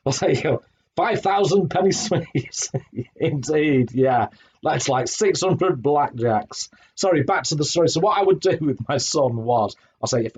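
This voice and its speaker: A man's voice: medium pitch, expressive, measured pace, a little mellow, slightly rough. A middle-aged man hosting a live stream, chatting effusively with lots of fillers and restarts on a home streaming mic. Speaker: streamer host. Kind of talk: casual live-stream chat. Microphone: home streaming microphone.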